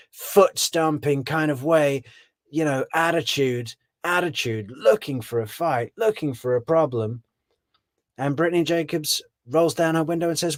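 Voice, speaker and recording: A man's voice: mid-range voice, a little slow, no room sound. A man giving casual, rambling commentary on a true crime case, often correcting himself on names.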